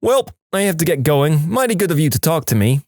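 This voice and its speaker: A cheerful, folksy man chats on the phone, as a male narrator voices him. His speech is homespun and polite, and his pitch rises and falls a lot. The sound is close and dry. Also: big pitch swings, fairly quick, darkish tone, dry recording. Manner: folksy, old-fashioned politeness.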